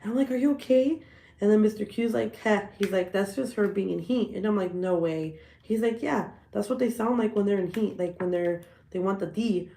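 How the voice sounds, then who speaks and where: A woman, telling stories in a profane, animated way with frequent laughs during a casual livestream chat. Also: mid-range voice, brisk, vocal fry, few pauses, reverberant. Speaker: livestream host.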